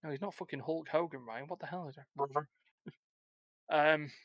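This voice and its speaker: A man's voice: a little high, measured pace, no echo. A man hosting a gaming podcast, joking and bantering with his co-hosts in casual chat. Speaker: podcast host.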